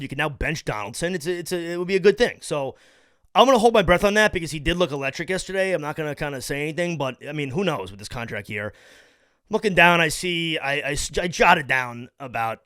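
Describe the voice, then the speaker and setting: A man's voice: a little high, fairly bright tone, no echo, clean studio sound. Ranting, profane male sports podcast host. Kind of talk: opinionated sports talk.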